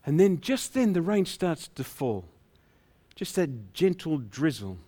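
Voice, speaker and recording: A man's voice: a little high, very animated, measured pace, dark tone. A male pastor preaching a sermon in a playful storytelling way, acting out the shepherds' dialogue.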